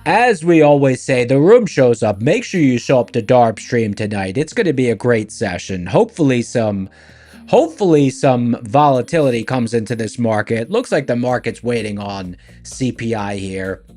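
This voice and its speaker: A man hosting a live trading stream, talking casually and playfully to his chat through a voice changer that lowers his voice. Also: lively intonation, normal speed, a little mellow, soft background music. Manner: playful, talks straight to chat.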